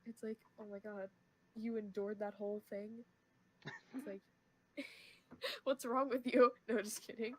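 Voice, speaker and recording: A woman's voice: mid-range voice, little pitch movement, unhurried, darkish tone, slightly rough. A teenage girl talks loosely on a podcast and giggles often. Her stories ramble from one aside to the next. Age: teens. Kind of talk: casual chat.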